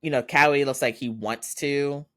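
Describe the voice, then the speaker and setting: A man's voice: medium pitch, fairly even intonation, normal speed, bright, forceful tone, no echo, studio quality. A man hosting a podcast, recapping a drama episode in a chatty way, laughing often and acting out the characters' lines. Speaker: podcast host.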